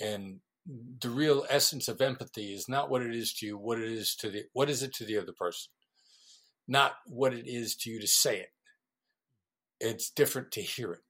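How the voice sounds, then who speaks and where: A middle-aged man, a former negotiator being interviewed, explaining ideas in a lively conversational way and acting out quoted voices. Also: mid-range voice. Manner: animated storyteller, acts out quoted voices. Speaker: former FBI negotiator, guest.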